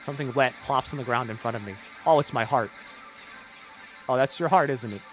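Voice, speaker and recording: A man streaming a video game, reading its text aloud in a low mutter and breaking into rambling, jokey asides full of "like". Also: fairly quick, faint music behind. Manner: jokey, irreverent, swears.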